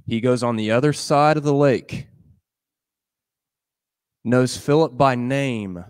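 A man's voice: mid-range voice, slow, smooth. A man giving a sermon in a conversational style, retelling a gospel story and acting out its dialogue in voices. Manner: animated, acts out the dialogue in voices; conversational, with fillers and laughs. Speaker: pastor.

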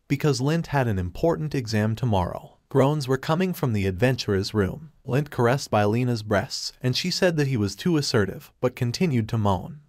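A man giving a scripted, even third-person narration of a comic story. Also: mid-range voice, no room sound, studio quality. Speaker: recap narrator.

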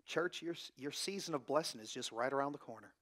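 A man's voice: mid-range voice, fairly quick, fairly bright tone, voice pushed down, natural voice. A man doing a coaxing prosperity preacher. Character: smooth-talking male prosperity preacher, promising blessings.

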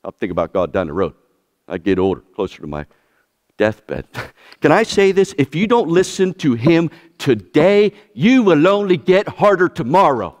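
A man preaches to his congregation with a lively, rising and falling delivery, peppering them with questions. His voice sits a little high for a man. It rings out with the long reverb of a church hall. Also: normal speed. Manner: asks the congregation many questions. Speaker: pastor. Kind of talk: sermon.

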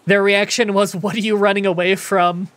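A woman's voice: medium pitch, little pitch movement, moderate pace, no echo. A woman hosting casual multiplayer gameplay commentary from her home studio, chatty and prone to rambling anecdotes with casual swearing. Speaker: gaming channel host.

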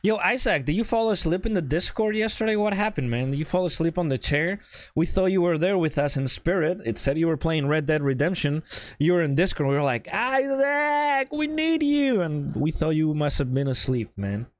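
A man's voice: a little high, a little fast, dry recording. A man casually commenting on a game match for a stream, chatty and joking with viewers. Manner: chatty, greets viewers, jokey.

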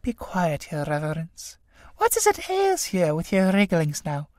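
A man's voice: a little high, huge pitch swings, measured pace, darkish tone, no echo, studio quality. A man voicing an old tinker woman in a play reading, talking in a soothing, crooning way. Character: old woman tinker, fond of drink, coaxing.

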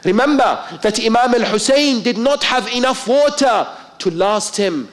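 Give me a man preaching with passion, his pitch swinging up on key words. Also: expressive, moderate pace. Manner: impassioned storytelling with rising emphasis. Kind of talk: mourning-night sermon.

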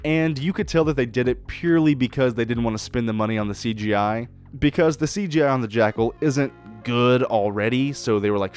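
A man hosting his own podcast, giving a blunt, profane, excitable solo review and acting out quoted lines. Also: medium pitch, fairly quick, hardly any pauses, soft background music. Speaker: podcast host reviewing shows. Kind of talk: casual solo review monologue.

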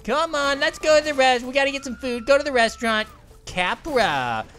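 A high-pitched woman reacting to a game as she plays, her voice leaping up and down with excitement. She giggles and apologizes to characters as she goes. Faint game music plays behind her. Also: normal speed. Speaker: gaming channel host. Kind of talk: let's play commentary.

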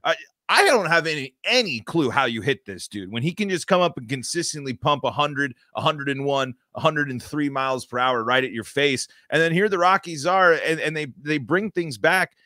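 A man co-hosts a sports podcast, ranting with emphatic frustration and stumbling over restarts. His voice sits a little high. The recording is close and dry. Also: animated, moderate pace, pushed and bright, no echo. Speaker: podcast host.

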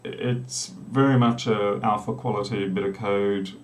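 A man's voice: fairly low pitch, steady tone, measured pace, slight background noise. Australian man, distant mic in echoey room. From South Australia. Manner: rambling, joking asides while typing. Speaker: programmer live-streaming. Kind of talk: casual live coding chat. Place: small room with a door.

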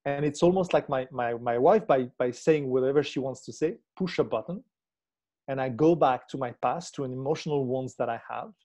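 A man's voice: mid-range voice, a little fast, warm tone. A man, a relationship coach, explaining his ideas reflectively in an interview and checking in with the listener as he goes. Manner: reflective, checks in with tag questions.

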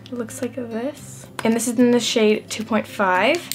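A woman's voice: a little high, measured pace, soft background music. A young adult woman chatting through a makeup routine, self-deprecating and filling her talk with "like". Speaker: beauty vlogger. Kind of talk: casual makeup tutorial chat.

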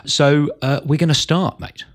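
A man's voice: fairly high pitch, steady tone, unhurried. A man hosting a podcast interview, enthusiastic and bantering with his guest. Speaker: podcast host. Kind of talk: casual interview. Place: comedy club.

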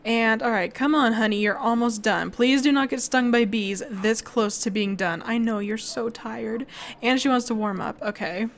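A woman's voice: fairly high pitch, moderate pace. A young woman chatting bubbly through a life-sim game as a let's play host, laughing and exclaiming often. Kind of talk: casual gameplay commentary.

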